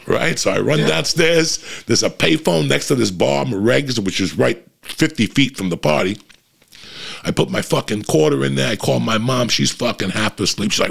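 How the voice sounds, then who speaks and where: A man telling a profanity-heavy story in casual talk, jumping up in pitch for emphasis. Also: brisk. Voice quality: gravelly and husky. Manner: animated, swears constantly, jumps in pitch for emphasis.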